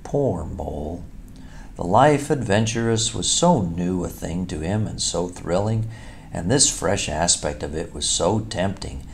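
A man reading a classic children's story aloud as an audiobook narrator, in a measured, expressive way. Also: low-pitched, creaky, a little hiss or hum.

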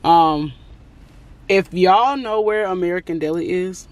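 On the low side and a little slow, this woman's voice carries a casual selfie vlog about her day, filmed on a phone at arm's length. She works as a lash technician and vlogs, rambling chattily and frequently sounding exasperated.

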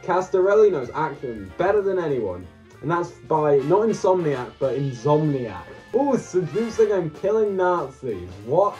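A man's voice: fairly high pitch, big pitch swings, a little slow, warm tone, muffled recording. A man co-hosting a casual chat, reading odd shop listings aloud in a joking, mocking way. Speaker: co-host. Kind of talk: casual chat while browsing a shopping site. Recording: distant mic with background music.

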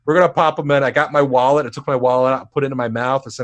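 A man's voice: mid-range voice, fairly even intonation, racing. A man co-hosting a podcast, telling a story casually, acting out quotes and swearing freely. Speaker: podcast co-host.

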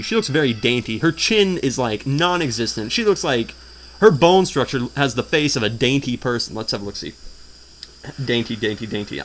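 A man's voice: medium pitch, fairly bright tone, a little hiss or hum. A man giving crude, mocking commentary while playing a video game, humming the theme and trying out funny voices. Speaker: let's player. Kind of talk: casual gameplay commentary.

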